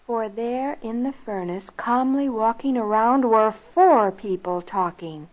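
A woman narrating a rhyming children's story and lesson in a slow, expressive, sing-song way, on a lo-fi recording. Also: a little high. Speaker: narrator and teacher. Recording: lo-fi recording with soft music.

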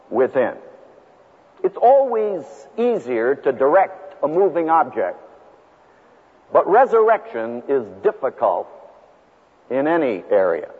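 A man's voice: a little high, husky. Emphatic lecturing man in a reverberant hall. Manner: emphatic, rhetorical, punches single words with long pauses. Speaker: seminary professor and lecturer. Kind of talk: recorded teaching lecture. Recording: phone-like lo-fi audio with long hall reverb.

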